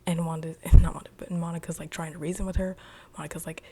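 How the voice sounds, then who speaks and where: A woman giving a casual, chatty recap of a TV episode, animated and full of slang. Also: low voice, quick pace, husky. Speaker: TV show reviewer.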